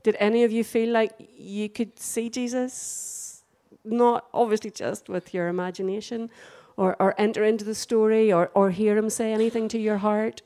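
A woman leading a church group reflection, gently prompting people to share and affirming them. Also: medium pitch, little pitch movement, moderate pace. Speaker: prayer group leader.

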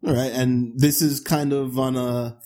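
Teasing male podcast host, mellow voice. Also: medium pitch, level tone, a little slow. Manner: teasing, joking banter with frequent restarts. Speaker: podcast host interviewing a cast member. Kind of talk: casual podcast interview.

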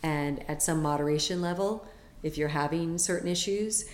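A woman's voice: low voice, normal speed, roomy sound. A woman guest on a podcast, a health coach talking in a chatty, enthusiastic way with lots of fillers. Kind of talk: casual interview chat.

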